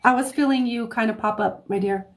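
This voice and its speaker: A woman giving a live-streamed tarot reading, talking in a chatty, easygoing way, often checking in with "okay?" and laughing softly between phrases. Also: a little high, fairly quick. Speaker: psychic reader. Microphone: phone or desk mic on livestream.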